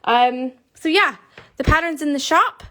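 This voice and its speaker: A woman's voice: sits high, animated, unhurried, bright, forceful tone. A woman hosting a stitch-along video, chatting casually and encouragingly with lots of fillers and muttered asides. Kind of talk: casual chat while showing her screen.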